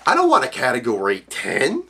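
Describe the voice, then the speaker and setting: A man from Canada's Maritimes ranting profanely in a casual vlog, jumping between loud outbursts and low mutters. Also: brisk, a little hiss or hum. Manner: profane, animated ranting with sudden pitch jumps. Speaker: video blogger.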